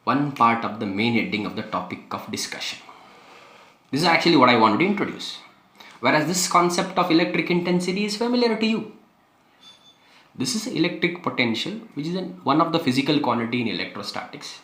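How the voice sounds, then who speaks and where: A man's voice: medium pitch, fairly bright tone, reverberant. A man teaching a physics lesson, repeating key phrases with emphasis and asking rhetorical questions. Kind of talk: classroom lecture.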